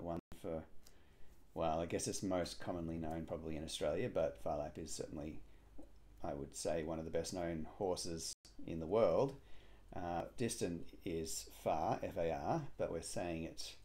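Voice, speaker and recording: A man solving a cryptic crossword aloud, musing and hesitant, with frequent pauses and fillers. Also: deep voice, darkish tone, a little hiss or hum. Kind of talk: thinking aloud while solving.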